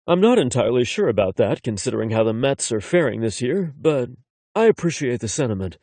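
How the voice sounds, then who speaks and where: A man reads a first-person romance audiobook at a middle pitch, his voice rising and falling with lively expression. The sound is close and dry, with no room around it. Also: brisk, no room sound. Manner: expressive, conversational storytelling. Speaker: audiobook narrator.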